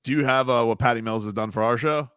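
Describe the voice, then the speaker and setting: A man hosting a sports talk radio show, emphatic and animated, swinging between loud and quiet. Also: mid-range voice, fast talker, smooth, dry recording, clean studio sound.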